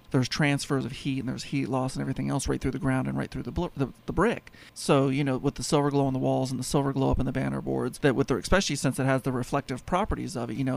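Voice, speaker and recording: Fast, gravelly man telling stories. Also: mid-range voice. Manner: rambling storyteller, lots of fillers. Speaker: home insulation business owner and show host. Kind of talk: casual radio chat.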